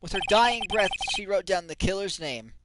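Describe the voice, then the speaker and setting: A man voicing a gruff, blustering male police detective who talks bluntly, over loud game music. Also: sits high, expressive, normal speed, heavy background noise. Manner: blunt, folksy.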